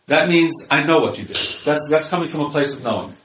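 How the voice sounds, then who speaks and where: A man's voice: a little high, animated, fast talker, hardly any pauses, background noise. A man who works as a marriage counselor gives an informal lecture with slides and repeats his key points. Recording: echoey room, voice from far off.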